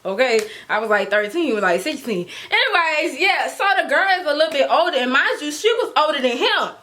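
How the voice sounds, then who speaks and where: A young woman spins a story to her camera with loose slang and frequent laughter. Her voice sits high and swoops widely, with a sharp, bright edge. She acts out the other people's lines as she goes. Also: fairly quick. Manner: animated, slangy, laughs often, acts out quotes. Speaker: storytime vlogger. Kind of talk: casual storytelling.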